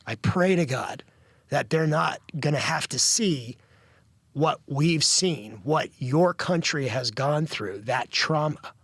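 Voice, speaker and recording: A man speaking as a guest correspondent in a news interview, earnest and halting with frequent restarts. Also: on the high side, a bit bright, husky, dry recording. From United States.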